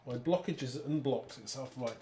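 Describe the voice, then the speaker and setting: A man's voice: medium pitch, normal speed, mellow. Chatty man demonstrating card making. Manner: chatty, talks to viewers while working. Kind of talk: live craft demonstration. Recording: echoey room with faint background noise.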